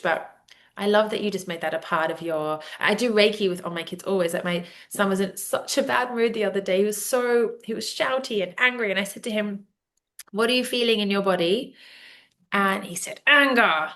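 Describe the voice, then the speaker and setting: A woman in her thirties hosting a casual podcast conversation over a video call, chatty and animated, laughing often as she tells stories. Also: medium pitch, fairly quick. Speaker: podcast host.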